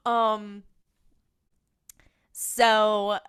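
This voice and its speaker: Speaking unhurriedly in a clean, mid-range tone, this woman co-hosts a podcast and recaps episodes conversationally. Her storytelling is animated, full of acted-out character lines and laughs.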